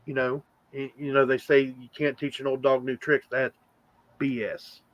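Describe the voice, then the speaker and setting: A man's voice: mid-range voice, flat delivery, moderate pace, no echo, highs cut off. A man hosting a casual livestream chat, rambling with lots of fillers. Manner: rambling, chatty with frequent fillers. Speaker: channel host.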